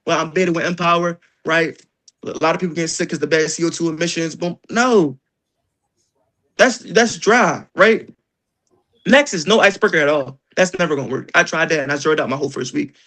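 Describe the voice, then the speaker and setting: A man with a high, bright voice coaches a room of door-to-door sellers. He talks animatedly, jokes constantly and slips into little acted-out doorstep conversations. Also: quick pace. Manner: animated, joking, acts out doorstep exchanges. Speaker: sales trainer. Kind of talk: energetic sales training talk.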